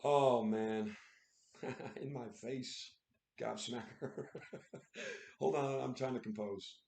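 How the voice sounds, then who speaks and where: Excitable male streamer, casual commentary, recorded in an echoey room. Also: mid-range voice, slow pace, gravelly, a little hiss or hum. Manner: excitable, exclaiming, laughing often. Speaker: livestream host.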